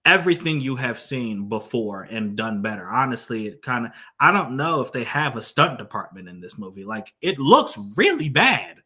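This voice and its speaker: A man's voice: mid-range voice, big pitch swings, moderate pace, hardly any pauses, pushed and bright. A man giving a casual spoken movie review, blunt and exasperated, full of fillers and restarts.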